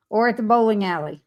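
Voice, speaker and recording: A woman's voice: on the high side, highs cut off. A woman hosting a casual live stream, greeting viewers by name and reading their chat comments aloud with frequent laughter.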